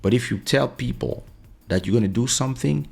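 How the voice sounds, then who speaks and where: A man's voice: medium pitch, brisk, creaky, a little mellow, slightly rough, faint music behind. A male podcast host in his home office, talking casually and insistently, often repeating "listen" as he tells a personal story. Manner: insistent, keeps saying "listen" to drive points home. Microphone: studio USB mic.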